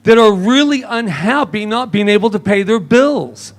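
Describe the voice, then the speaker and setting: A man preaching a lively sermon in a church service, joking and laughing often with the congregation. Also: high-pitched, moderate pace. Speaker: minister.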